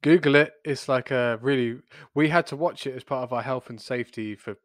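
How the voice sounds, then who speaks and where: A man chatting casually as a podcast co-host, speaking haltingly with many fillers. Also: mid-range voice, no room sound, studio quality. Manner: halting, full of fillers and restarts. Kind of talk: casual chat.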